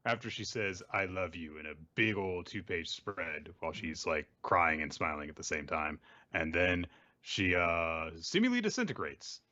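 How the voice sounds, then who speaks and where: Low-voiced man, dull lo-fi sound. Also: very animated, moderate pace, pushed and bright. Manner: thoughtful, rambling with fillers. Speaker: podcast co-host. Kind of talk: casual critical chat.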